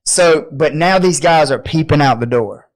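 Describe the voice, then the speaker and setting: A man on a podcast spinning a rowdy story in casual, profane talk. His voice sits a little high for a man, and he slips into the people in his story as he goes. The tone stays loose and animated. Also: normal speed. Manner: animated, profane, acts out quotes. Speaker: podcast host.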